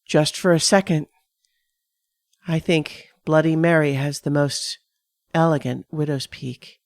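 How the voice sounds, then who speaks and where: A woman giving a measured, dramatic first-person reading of a scripted horror story on a close studio mic. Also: deep voice, steady tone, a little mellow, dry recording. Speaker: narrator.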